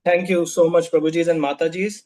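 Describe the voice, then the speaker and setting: A man's voice: a little high, flat delivery, brisk, darkish tone. A man leading an online scripture class, speaking informally with fillers. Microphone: video call.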